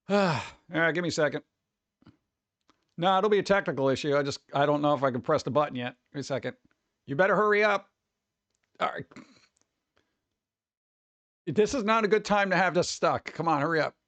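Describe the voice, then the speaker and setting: A man's voice: fairly high pitch, normal speed, pauses often, fairly bright tone, dry recording. Laid-back rambling male streamer. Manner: rambling, laid-back, says "dude" a lot. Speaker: streamer chatting with viewers. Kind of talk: casual livestream chat.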